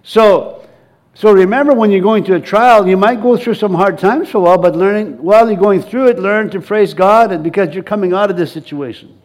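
A male pastor preaching a sermon in a church, lively and coaxing the congregation to answer back and join in. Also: sits high, brisk.

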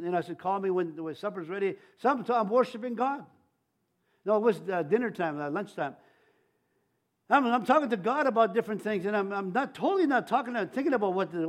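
An older man giving a sermon as pastor, telling his own story in a preaching style full of restarts and stammered repeats, rising louder on key phrases. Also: high voice.

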